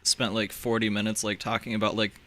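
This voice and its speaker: Young man from Minnesota, low bright voice, easygoing swearing gamer chat. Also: flat delivery, fairly quick. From Minnesota, USA. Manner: laid-back, swears casually, short agreeing replies. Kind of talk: casual chat while gaming.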